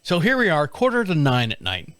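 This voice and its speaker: A man tells a casual story on his own show, lively and laughing as he acts out the people in it. His voice sits a little high for a man. It is recorded close and dry. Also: brisk, no room sound. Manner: animated, acts out quoted voices, laughs often. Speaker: podcast host.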